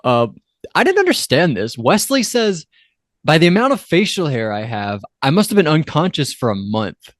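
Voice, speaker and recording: A man's voice: wildly swooping pitch, moderate pace, no echo, studio quality. A man co-hosting a podcast, chatting casually as he recaps a TV episode, often correcting himself mid-sentence. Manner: rambling, self-correcting, quotes lines in a lowered voice. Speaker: podcast co-host.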